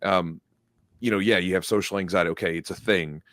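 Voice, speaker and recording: A man hosting a podcast, giving advice in a relaxed, encouraging, conversational way. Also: low voice, brisk, no echo. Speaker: podcast host. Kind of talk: casual conversation.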